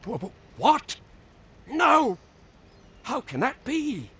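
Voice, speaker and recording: A panicked old grandfather in a game, husky and high, swinging pitch. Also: huge pitch swings, slow, fairly bright tone, full character voice. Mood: distraught. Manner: distressed, pleading, old-fashioned speech. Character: frantic old grandfather of a missing boy.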